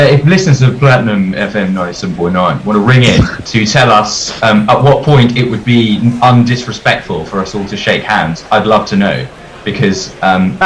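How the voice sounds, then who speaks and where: A man chatting as a cricket co-commentator, with a wry, dry sense of humor. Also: lowish voice. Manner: wry, dry humor, laughs mid-sentence. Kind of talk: casual commentary-box chat. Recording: roomy echo on the voice.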